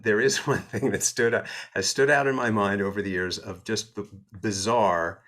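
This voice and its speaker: An American man with a low-pitched voice tells stories in a relaxed interview. He speaks in an animated, self-deprecating way, with a snarky edge. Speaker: entertainment attorney guest. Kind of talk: casual interview storytelling.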